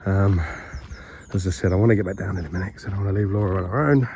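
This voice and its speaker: A man's voice: deep voice, fairly even intonation, racing, mellow, lo-fi sound, a little hiss or hum. A man filming a casual walking vlog on a hilltop, out of breath, chatty and rambling, poking fun at himself. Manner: chatty, rambling, self-mocking. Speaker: vlogger exploring a historic site. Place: outdoors on a hilltop by a graveyard. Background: birdsong.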